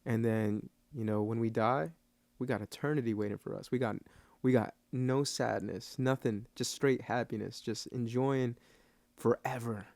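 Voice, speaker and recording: A man's voice: medium pitch, fairly even intonation, normal speed, vocal fry, darkish tone, no room sound. A man hosting a podcast interview, reflective and earnest as he talks about his faith. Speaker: podcast host. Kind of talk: interview conversation.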